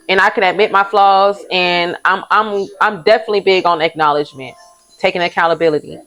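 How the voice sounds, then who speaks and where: A woman's voice: fairly low pitch, fairly bright tone, low-quality recording. A young woman hosts a vlog, talking candidly and casually about parenthood. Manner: candid, chatty, uses southern US vernacular, laughs often. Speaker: vlog host. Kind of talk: casual confessional chat.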